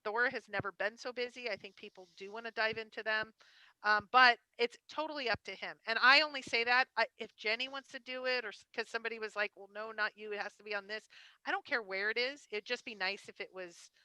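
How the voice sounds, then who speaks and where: Woman co-host, bright voice, dry close sound, rambling casual chat. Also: a little high, fairly even intonation, brisk, clear, resonant tone, dry recording, low-quality recording. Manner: chatty, rambling with frequent "um". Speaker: co-host of a treasure hunt show. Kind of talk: casual live-stream chat.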